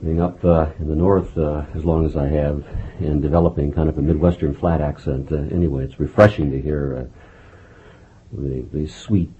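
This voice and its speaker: A man's voice: very deep voice, steady tone, moderate pace, phone-quality sound, slight background noise. A man interviewing an author, talking with many fillers and restarts. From United States. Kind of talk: radio interview.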